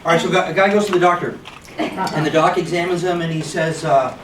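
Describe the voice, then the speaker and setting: A man's voice: fairly high pitch, fast, noisy background. A male physician giving a conversational conference talk, opening with a joke before a medical lecture. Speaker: physician speaker. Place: hospital conference room. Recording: echoey room, distant mic.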